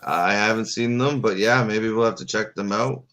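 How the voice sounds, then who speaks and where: A man's voice: lowish voice, moderate pace, a bit bright. Easygoing man co-hosting a stream. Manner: easygoing, rambling with fillers. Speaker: co-host. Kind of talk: casual live-stream chat.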